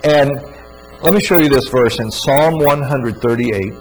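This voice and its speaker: A man's voice: mid-range voice, a little slow, low-quality recording. Earnest male speaker for a scripture teaching talk, emphatic and repetitive, slight background hum. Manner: earnest, emphatic, repeats words. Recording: faint mains hum.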